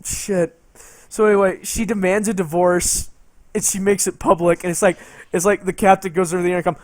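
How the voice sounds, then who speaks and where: A man's voice: high-pitched, steady tone, brisk, no echo. A man streaming a game and telling a rambling story, swearing and laughing as he goes. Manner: rambling, profane, laughing between lines.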